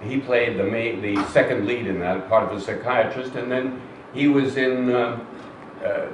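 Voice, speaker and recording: A man's voice: medium pitch, fairly even intonation, moderate pace. An older man, an actor being interviewed on stage, telling anecdotes to a live audience in a chatty, self-deprecating way with fillers and restarts. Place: cinema hall with live audience. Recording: roomy hall, distant mic, faint noise.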